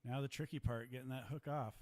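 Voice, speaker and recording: A man's voice: mid-range voice, steady tone, fast talker, a little mellow. A man giving live play-by-play commentary at a ninja competition, chatty and joking with his co-host.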